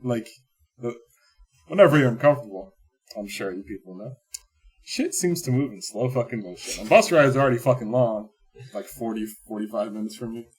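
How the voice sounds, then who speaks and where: A man with a husky, breathy voice spins a long, rambling anecdote on a casual podcast. He laughs through his own story and swears freely in relaxed chat. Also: mid-range voice, brisk. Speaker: podcast co-host.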